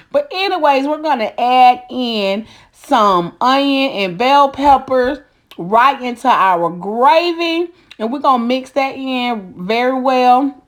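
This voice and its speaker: A middle-aged woman talks through a recipe in a casual cooking vlog. Her voice sits high and she keeps it folksy, calling the viewers honey and baby and slipping in preachy asides. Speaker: cooking channel host.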